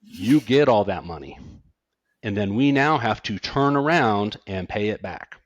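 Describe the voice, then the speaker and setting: A man's voice: fairly low pitch, measured pace, slight background noise. A middle-aged man, an accountant and podcast guest, talking casually and animatedly, with frequent restarts. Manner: animated, self-deprecating, stammers on restarts.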